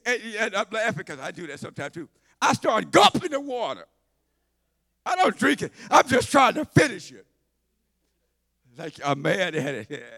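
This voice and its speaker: A man preaching a sermon in church, folksy and conversational, swinging from shouts to low asides. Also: vocal fry, no room sound, clean studio sound. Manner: shouting and half-singing at high points, then dropping to low asides; conversational, folksy, with repetitions and laughter.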